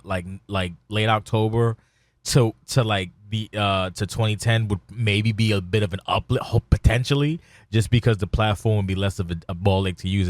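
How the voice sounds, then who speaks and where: A man's voice: lowish voice, no room sound. A man hosting a casual podcast, talking loosely and swearing as he tells stories. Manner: loose, swearing, laughing, lively storytelling. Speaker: podcast host.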